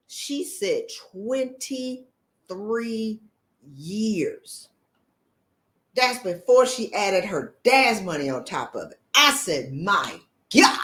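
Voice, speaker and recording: A woman's voice: sits high, fairly bright tone, reverberant. A woman leadership coach giving a motivational talk, blunt and emphatic, firing off rhetorical questions in sassy, colloquial speech.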